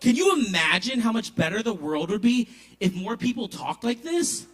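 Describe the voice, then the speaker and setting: A woman's voice: on the high side, big pitch swings, normal speed. A man voicing an overly earnest woman who is pleased with herself, as a quoted figure in his stand-up.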